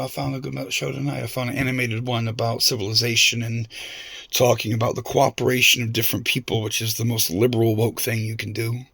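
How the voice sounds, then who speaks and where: Gravelly man ranting profanely. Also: medium pitch, fairly bright tone, dry recording. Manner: profane, confrontational, rambling. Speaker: vlogger. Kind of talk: rambling monologue rant.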